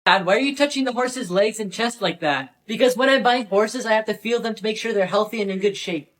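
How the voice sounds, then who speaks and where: A text-to-speech voice reading short joke stories and their dialogue in a flat, even way. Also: mid-range voice, brisk. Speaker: storytime narrator.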